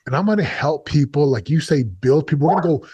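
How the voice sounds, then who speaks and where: A man's voice: fairly high pitch, animated, quick pace, warm tone, slightly rough, no echo. Earnest man telling a hard story. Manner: earnest, confessional, talks in bursts with repeats. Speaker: guest. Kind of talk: emotional storytelling interview.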